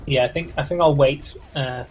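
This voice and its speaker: A man's voice: medium pitch, steady tone, normal speed, a little mellow, soft background music. Tentative man playing a tabletop game. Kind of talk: casual chat.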